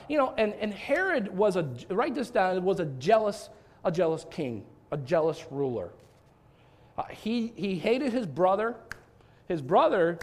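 A male pastor preaching a sermon, animated and talkative, with frequent restarts and rhetorical questions to his congregation. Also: a little high.

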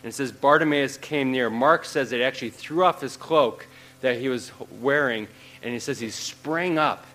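A man's voice: mid-range voice, moderate pace, pushed and bright, poor audio. A man preaching a sermon in a conversational way, using many fillers and repeating phrases. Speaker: pastor.

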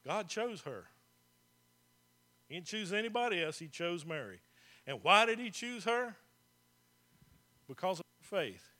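Very animated yet unhurried, a pastor preaches in a high, bright, forceful voice, pausing often. His sermon is conversational, full of questions for the congregation and phrases repeated for emphasis.

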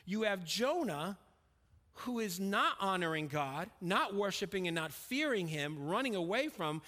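A high-pitched man preaches an expository, verse-by-verse sermon on scripture, pressing his points emphatically before dropping to a hush. The long reverb of a large hall rings around his voice as he swings between raised and quiet delivery.

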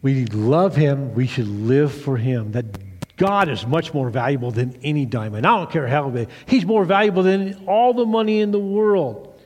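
A man's voice: a little high, moderate pace, a little mellow, big-room sound. A man pastor giving a children's sermon, retelling a story with animation and asking the kids questions.

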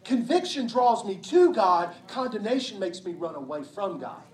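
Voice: medium pitch, very animated, normal speed, darkish tone. A pastor preaching a sermon in a church, conversational and emphatic, often checking in with the listeners. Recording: roomy hall sound from a distance.

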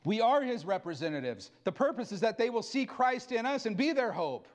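A middle-aged male pastor preaching a fervent sermon, with sudden drops into quiet asides. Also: very high voice, big pitch swings, fairly quick.

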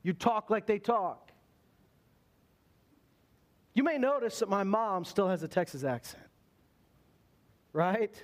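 Male pastor, high voice, conversational preaching that turns slow and deliberate on scripture. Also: expressive. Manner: earnest preaching, slows down on scripture quotes, conversational asides. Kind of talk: sermon.

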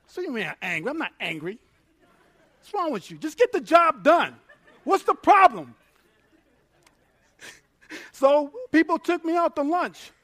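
A man preaching a sermon as pastor, animated and laughing as he acts out little dialogues. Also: high-pitched, no room sound.

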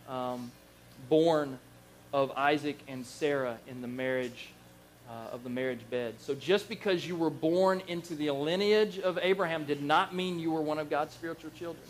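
Guy preaching a bible study, fairly high voice, goes loud then quiet, faint room hum behind. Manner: animated storyteller, acts out quoted voices, chuckles. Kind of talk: Bible teaching sermon.

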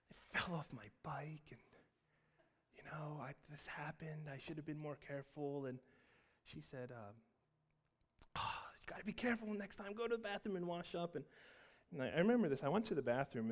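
A man preaching a Christmas sermon, telling a personal story and swinging between loud emphatic peaks and soft, low asides. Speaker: pastor.

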